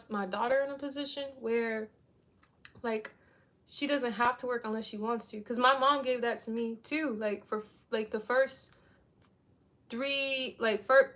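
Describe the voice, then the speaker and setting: A high, slightly bright voice belongs to a vlogger in her thirties. Chatting casually with viewers, she rambles and fills her speech with "like."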